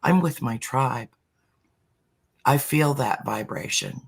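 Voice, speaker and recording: Vocal fry and a breathy edge color this middle-aged man's medium-pitched voice as he talks through a sincere spiritual conversation. He speaks slowly and deliberately, occasionally dropping to almost a whisper for emphasis.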